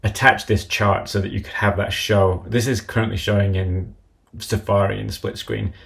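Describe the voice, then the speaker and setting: A man giving a live-streamed software tutorial, talking methodically through each step as he works at his computer. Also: fairly low pitch, flat delivery, normal speed, vocal fry. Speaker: app developer demonstrating software.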